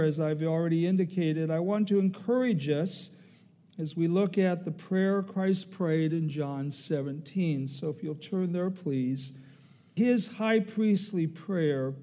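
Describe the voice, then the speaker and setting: A man preaching a sermon as pastor, measured and emphatic, quoting scripture in slow, stressed phrases. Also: a little high, warm tone.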